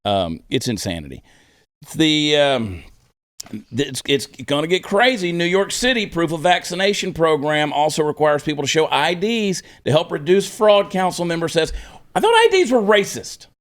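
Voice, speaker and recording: A man hosting a casual political talk show, sarcastic and animated, often mocking others in put-on voices. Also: a little high, moderate pace.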